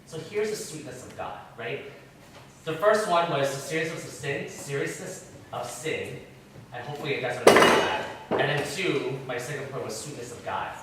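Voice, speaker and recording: A man teaching a Bible class. He asks the class questions in a lively, conversational way. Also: medium pitch, moderate pace. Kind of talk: interactive Bible study teaching. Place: church classroom. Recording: echoey room, distant mic, background noise.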